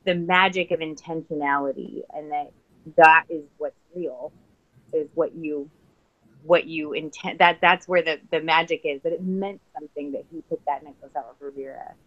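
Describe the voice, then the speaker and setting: A woman with a lowish, bright and forceful voice talks through her ideas as a podcast guest. She restarts often while she searches for words. The sound is dull and lo-fi. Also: steady tone, moderate pace, no room sound. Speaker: guest author. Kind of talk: casual podcast interview.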